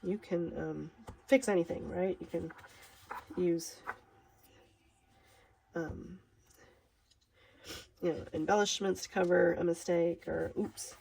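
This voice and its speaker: Gravelly, chatty Minnesotan woman. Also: fairly low pitch, fairly even intonation, slow, pauses often, darkish tone, poor audio. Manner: chatty and rambling, laughs at herself. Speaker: craft demonstrator. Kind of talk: casual craft tutorial.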